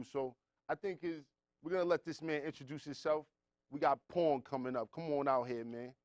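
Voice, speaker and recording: A man's voice: a little high, moderate pace, a little mellow, no room sound. A man hosting a talent showcase, bantering casually and introducing the next act. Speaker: host.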